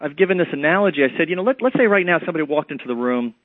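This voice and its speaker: A man speaks quickly and earnestly, his voice slightly husky and on the high side. He comes through a thin, phone-like line with a dry sound. He acts out little scenes as he explains. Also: lively intonation, no echo. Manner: fast, earnest storytelling with acted-out examples. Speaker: author and guest. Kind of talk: radio interview.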